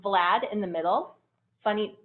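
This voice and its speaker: A woman casually telling stories about a trip, animated and laughing often. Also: mid-range voice, moderate pace. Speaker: traveler sharing trip photos. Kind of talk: casual storytelling. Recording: tinny phone-like line.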